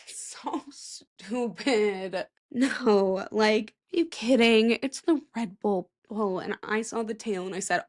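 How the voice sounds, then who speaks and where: A woman's voice: mid-range voice, slow, hardly any pauses. A woman in her thirties hosting a casual solo podcast, chatty and rambling with sarcastic asides. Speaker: podcast host.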